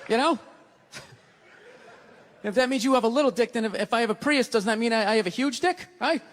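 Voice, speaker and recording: A man's voice: extremely high pitch, fairly quick. A man doing a stand-up routine on stage, ranting in a profane, exasperated way. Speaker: stand-up comedian. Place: large live venue. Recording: live hall with audience.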